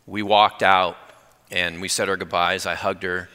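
A man preaching a sermon, animated as he tells a personal story and acts out the dialogue. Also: sits low, a little slow, clear, resonant tone, big-room sound. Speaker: pastor.

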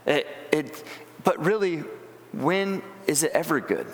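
A man's voice: a little high, moderate pace, fairly bright tone, big-room sound. A man preaching a sermon, earnest and plain-spoken, often restarting his words. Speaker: pastor.

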